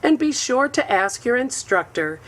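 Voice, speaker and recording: A woman narrating a slide lesson as an instructor, reading a script in a measured, deliberate way. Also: fairly high pitch, sing-song. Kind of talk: scripted voice-over lecture.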